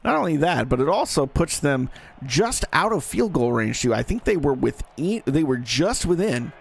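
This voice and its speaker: A man's voice: fairly high pitch, very animated, normal speed, creaky. A man giving live play-by-play commentary on a simulated football game in a folksy, joking manner that talks straight to the audience.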